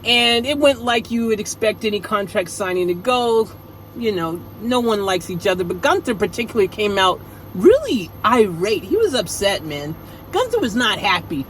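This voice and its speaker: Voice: mid-range voice, big pitch swings, normal speed, a bit bright, slight background noise, poor audio. A wrestling show recapper chatting casually through a rundown, slangy and rambling, with jokey asides.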